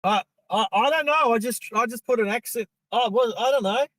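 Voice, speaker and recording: An Australian man with a very high, somewhat bright voice talks briskly while live-streaming from his car as he drives down the road. He chats with viewers in a rambling, casual way; the low-quality recording has no echo.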